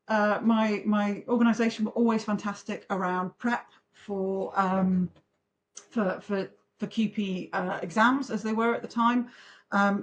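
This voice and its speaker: A woman in her forties, a podcast guest, telling her story in a chatty, animated way. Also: medium pitch, slight background noise. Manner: chatty, animated, talks in long run-on recollections. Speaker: podcast guest, pharmaceutical trainer. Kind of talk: conversational interview storytelling.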